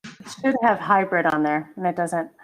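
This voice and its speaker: Her voice is on the low side and she speaks at normal speed. A middle-aged woman on a video call with a computer mic, she teaches college English online, chatty and apologetic, humming to herself while searching for files.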